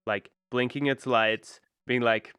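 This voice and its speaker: Clear, dry-voiced male co-host. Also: medium pitch, slow, no echo. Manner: relaxed, prompts the host with questions. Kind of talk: casual podcast chat.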